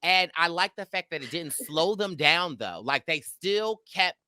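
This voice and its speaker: Bright-voiced man rambling in casual chat. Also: on the high side, animated, measured pace, clear, resonant tone, dry recording. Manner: rambling, restarts, searches for names. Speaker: podcast host.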